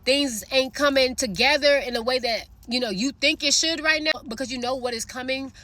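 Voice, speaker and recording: Woman, fairly high voice, bright tone, chatty faith testimony, lots of fillers, talks straight to listeners. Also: brisk. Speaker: faith vlogger sharing a prophetic word. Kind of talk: casual testimony and encouragement.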